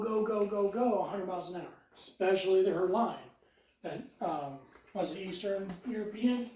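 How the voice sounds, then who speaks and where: A dog trainer giving calm instructions while walking a dog, mixing explanations with short praise and commands. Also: mid-range voice. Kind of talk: hands-on dog training lesson. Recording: roomy sound, mic far off.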